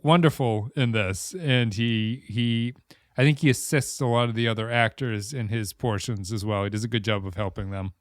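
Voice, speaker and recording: A man's voice: fairly low pitch, normal speed, no room sound, studio quality. A man co-hosting a podcast, talking casually about an old film and rambling with self-corrections. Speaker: podcast co-host.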